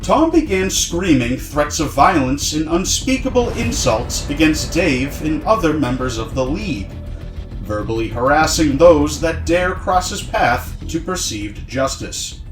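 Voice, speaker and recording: A man in a comedic mock-documentary interview, speaking formally and deadpan as the league commissioner. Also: fairly high pitch, measured pace, soft background music.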